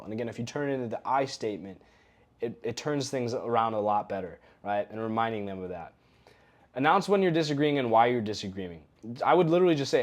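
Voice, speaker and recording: A young adult man giving a recorded coaching lesson in a relaxed, conversational way, often acting out example phrases. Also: medium pitch, fast. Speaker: coaching course instructor.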